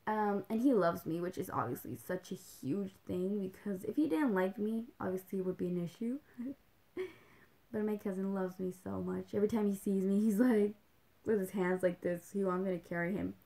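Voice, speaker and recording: A woman's voice: mid-range voice, normal speed, creaky, mellow. A young woman talking in a rambling, casual way as a livestream host, full of "like"s, slipping in Spanish phrases now and then. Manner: chatty, rambling, with many "like"s and little laughs. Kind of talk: casual chat.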